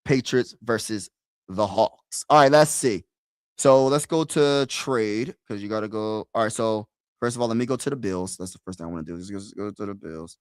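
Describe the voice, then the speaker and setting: A man's voice: fairly low pitch, normal speed, smooth, no room sound, clean studio sound. Chatty man live-streaming to his chat. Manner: talks to chat, repeats himself, casual slang. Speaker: sports streamer.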